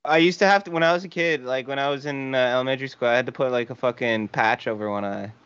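A man's voice: mid-range voice, fast, fairly bright tone, smooth, no echo, highs cut off. A man co-hosting a casual banter show, joking crudely and restarting his sentences. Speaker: podcast co-host.

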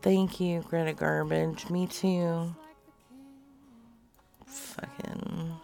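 A woman hosting a stream, chatting casually, swearing freely and drifting between quiet mutters and loud bursts. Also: lowish voice, fairly even intonation, slow, gravelly, pauses often, faint music behind. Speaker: stream host making prank calls.

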